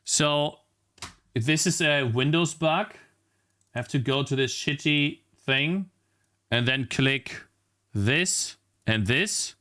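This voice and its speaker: A man's voice: medium pitch, slow, bright, forceful tone. A man streaming while he works on his game, talking casually, frustrated, swearing and muttering at his computer. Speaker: indie game developer streamer. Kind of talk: casual live-stream talk while working. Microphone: streaming mic at a desk.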